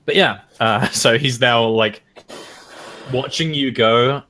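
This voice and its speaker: A man's voice: mid-range voice, takes it slowly, pushed and bright. A man narrating as game master of a tabletop role-playing game, casual and full of fillers.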